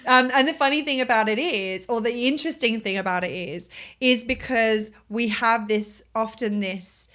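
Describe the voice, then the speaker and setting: A woman with a bright, fairly high voice talks through her ideas on a podcast. She is reflective and wordy and circles back on her own sentences. Her tone stays easygoing and conversational. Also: moderate pace. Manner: reflective, explains at length with restarts. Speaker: podcast co-host. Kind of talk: casual conversational chat.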